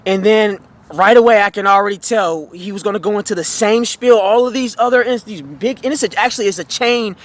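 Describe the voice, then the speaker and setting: A man's voice: high voice, fairly quick. A man telling a storytime tale as a heated, profane rant, rambling with fillers and restarts.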